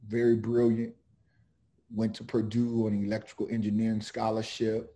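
A middle-aged man, an author and defense lawyer, speaking slowly and earnestly with many pauses, partly reading his own book aloud. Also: on the low side, monotone, dark tone. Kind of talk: reflective talk with read-aloud book passage.

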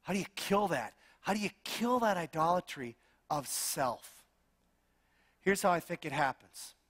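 A man's voice: fairly high pitch, a bit bright, in a large hall. A middle-aged man preaching a sermon as pastor, with humorous, self-deprecating storytelling.

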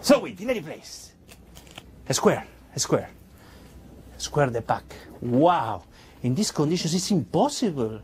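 A man works a crowd as a stage magician, his voice rising and falling with animated energy. He talks playfully in slightly broken English, and a faint hiss sits under the recording. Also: on the high side, unhurried, pauses often. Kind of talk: stage magic patter to an audience.

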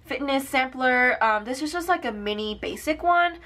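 Young woman, casual vlog, gushing, upbeat, lots of fillers, slightly high-pitched. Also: expressive, normal speed, bright, forceful tone. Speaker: planner sticker shop owner. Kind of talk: casual product showcase vlog.

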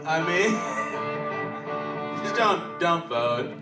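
A man's voice: on the high side, lively intonation, extremely slow. A man hosting a comedy show, talking in a loose, crude, laughing way. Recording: echoey room, far from mic, loud music.

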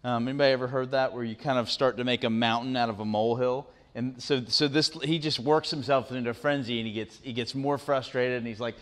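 Middle-aged guy, guest speaker, chatty talk w/ lots of "right?", bright voice, mid pitch. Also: fairly even intonation, quick pace, hardly any pauses. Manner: conversational, quizzes the audience, keeps tagging "right?". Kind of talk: motivational talk to students. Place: university lecture room.

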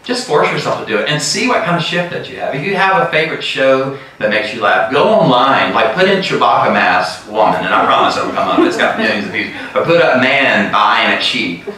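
A middle-aged man giving a lively sermon as a guest speaker, often breaking into laughter and acting out sounds. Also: mid-range voice, fairly quick, few pauses, recorded from a distance. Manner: lively, laughing often, acts out sheep calls. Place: large church sanctuary. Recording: very echoey church hall from afar.

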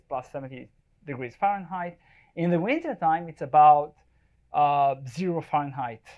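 A man talks through his slides to a live audience at an event space. He is relaxed and joking, and he often stops to check in with the room. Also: high-pitched, muffled recording. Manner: chatty, jokey, checks in with the audience. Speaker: wildlife photographer giving a talk.

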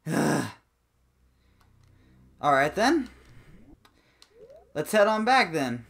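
Speaking slowly with a creaky voice and long pauses, a man narrates a let's play in an excitable, theatrically comic way, his exclamations jumping high and squeaky above quiet game music.

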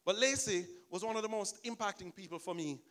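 A pastor preaches a sermon, telling a story with animation and acting out the people in it. His voice is high and his delivery brisk.

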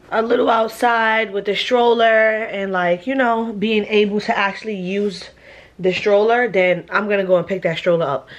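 A young woman, out of breath, chatting casually and laughing often as she vlogs from a messy room at home. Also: mid-range voice. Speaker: vlogger. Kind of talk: casual vlog chat.

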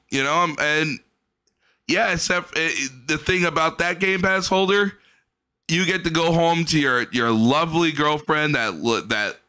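A man's voice: fairly high pitch, sharp tone, clear, resonant tone. A man giving casual, profane reaction commentary, mocking a clip and laughing often. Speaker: reaction streamer.

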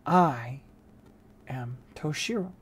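A storyteller voicing a polite, formal businessman who speaks softly and courteously. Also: mid-range voice, slow pace, husky. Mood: measured. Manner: soft-spoken, formal and courteous. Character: polite formal older man, corporate head.

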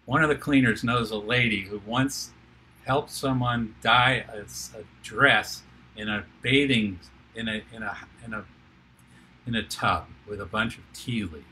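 An older man, a television producer and author, telling an animated anecdote as an interview guest, with frequent restarts. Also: lowish voice, unhurried, a little hiss or hum. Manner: lively storyteller with restarts.

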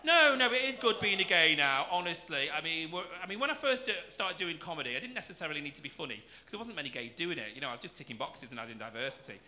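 On the high side and sing-song, his pushed, bright voice races along with few pauses. He's a stand-up comedian in his 40s, camp and cheeky, mocking the crowd and swearing freely. Audience laughter rises from the noisy comedy club.

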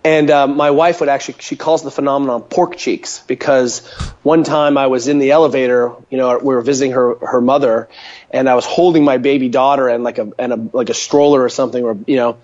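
A man talking as an interview guest over a call, an animated storyteller full of fillers, standing at a home counter. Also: mid-range voice, brisk. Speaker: guest, mobility coach. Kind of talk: casual interview by phone call. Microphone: phone or call line. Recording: dull lo-fi call audio.

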